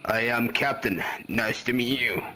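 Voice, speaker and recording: A man's voice: medium pitch, unhurried, pushed and bright, soft background music, rough recording. A man doing a stilted robot captain.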